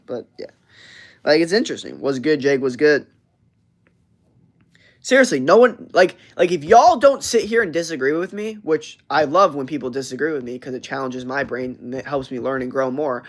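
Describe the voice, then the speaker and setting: A young man hosting a livestream, chatting casually in a brash, profane, rambling way with lots of fillers and restarts. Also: on the high side. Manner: reads and answers live chat messages. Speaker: livestream host.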